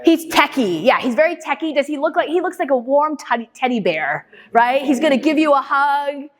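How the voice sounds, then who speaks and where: A woman's voice: sits high, brisk. A woman lecturer giving an interactive talk. She quizzes the audience, repeats their answers back and tells anecdotes, often checking in with "right?" and "okay?". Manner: lively anecdotal storyteller with frequent "right?" and "okay?". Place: large lecture hall. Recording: long hall reverb.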